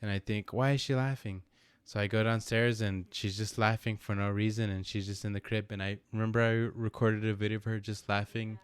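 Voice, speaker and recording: A man's voice: lowish voice, steady tone, a little fast, smooth, no echo. A young man co-hosting a podcast, telling a story in a rambling, laughing way and repeating himself. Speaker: podcast co-host. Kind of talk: casual storytelling.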